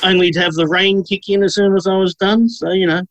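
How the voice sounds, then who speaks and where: A man's voice: high-pitched, level tone, brisk, no room sound, lo-fi sound. Joking man in his forties, dry sound. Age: 40s. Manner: joking, playful teasing. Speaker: podcast host. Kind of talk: casual podcast chat.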